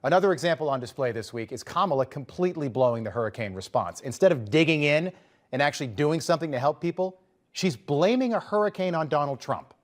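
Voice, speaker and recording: A man's voice: fairly high pitch, lively intonation, quick pace. A man hosting a political commentary show, talking in a conversational, emphatic way with sarcastic asides.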